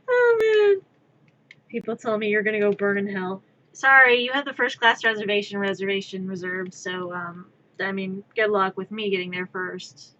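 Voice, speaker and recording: A woman's voice: medium pitch, normal speed, highs cut off. A woman streamer chatting casually while she crafts, rambling, wry and blunt, swearing now and then. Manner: rambling, wry, swears freely, swings to loud exclamations.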